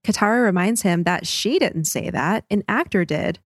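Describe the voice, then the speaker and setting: Woman briskly recapping a cartoon episode. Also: mid-range voice, animated, husky, no room sound, clean studio sound. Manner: brisk recap, laughs easily. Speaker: podcast co-host recapping episodes. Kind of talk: casual chat and episode recap.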